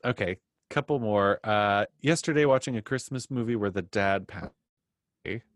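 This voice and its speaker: A man co-hosting a casual podcast, wry and laid-back, gently teasing his co-host. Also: fairly low pitch, moderate pace, no echo, studio quality. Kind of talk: casual chat.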